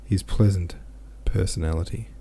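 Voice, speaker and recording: A man with a deep, gravelly voice reads a novel chapter aloud for his podcast. His tone is dark and mellow, and he slips into easy, chatty asides between passages. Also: steady tone, normal speed, a little hiss or hum. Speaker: podcast host and reader. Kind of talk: audiobook reading with listener comments.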